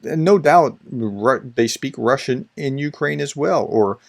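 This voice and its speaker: A man's voice: mid-range voice, expressive, measured pace, vocal fry. A man, a professor, giving casual spoken commentary on video clips, talking conversationally and often restarting or repeating his words. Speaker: professor explaining disinformation.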